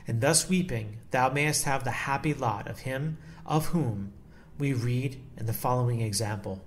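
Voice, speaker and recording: Guy doing a slow solemn devotional reading, mid-pitched voice, bit of faint hiss. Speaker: devotional reader.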